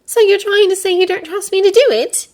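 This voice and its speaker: A woman's voice: very high voice, very animated, fairly quick, pitched above the performer's own voice. A woman voicing an earnest, bossy schoolgirl witch who explains and insists. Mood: stung. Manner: insistent, eager, lecturing. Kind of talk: fan audiobook character voice.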